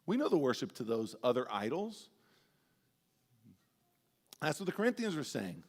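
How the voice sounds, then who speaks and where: A man preaching a sermon as pastor, telling animated, humorous stories with big swings in his voice. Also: mid-range voice, normal speed. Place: church sanctuary. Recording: long church-hall reverb.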